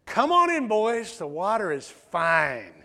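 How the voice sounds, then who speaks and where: A man voicing an excitable, simple-minded man who has just been baptized. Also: sits high, slow, exaggerated voice. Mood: giddy.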